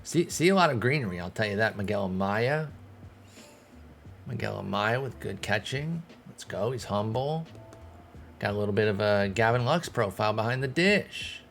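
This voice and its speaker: A low, gravelly-voiced man talks to himself in a loose, rambling way as he plays a sports management game. He chats casually to the players and to his viewers, with soft music playing underneath. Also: expressive, normal speed. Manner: thinking aloud, talking to himself and the players. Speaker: gaming streamer. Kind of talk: casual let's-play commentary.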